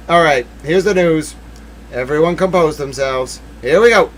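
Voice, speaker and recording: A young man hosting a true-crime livestream, reading court papers aloud and swinging from hushed muttering to outbursts of shouting. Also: fairly high pitch, normal speed, slight background noise, low-quality recording. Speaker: livestream host.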